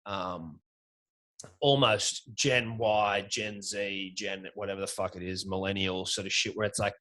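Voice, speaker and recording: A man's voice: low-pitched, steady tone, measured pace, sharp tone. Rambling Australian man, casual profanity. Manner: rambling, profane, self-mocking. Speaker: podcast co-host. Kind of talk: casual sports chat.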